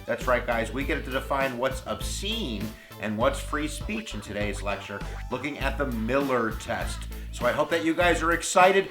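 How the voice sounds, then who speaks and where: A man giving an energetic history video lecture, full of goofy jokes and playful asides. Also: medium pitch, normal speed, few pauses. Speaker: history teacher. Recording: roomy echo with faint music.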